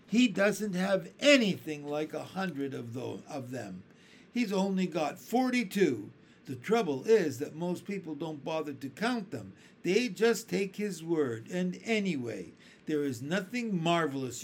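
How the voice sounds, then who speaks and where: A man's voice: fairly high pitch, gravelly, a little hiss or hum, full character voice. A man doing a prim blind earthworm. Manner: prim, complaining.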